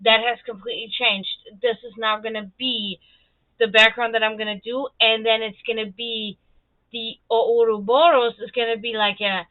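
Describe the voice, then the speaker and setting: A woman's voice: a little high, moderate pace, dry recording. A woman from Serbia, chatting casually on her livestream while she paints, rambling and swearing as she vents. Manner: rambling, heavy swearing, animated venting. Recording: tinny phone-like dry sound.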